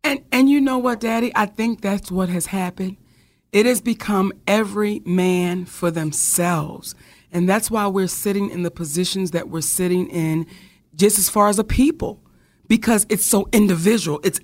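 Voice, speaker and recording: A woman's voice: medium pitch, moderate pace. A woman co-hosting a podcast who speaks with passion, driving her points home with rhetorical questions the way a preacher does. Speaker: podcast co-host. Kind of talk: casual discussion.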